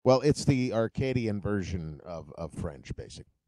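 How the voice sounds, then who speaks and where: Mellow low-voiced man, dry sound. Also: animated, moderate pace, no room sound, rough recording. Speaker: talk show co-host. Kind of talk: casual chat.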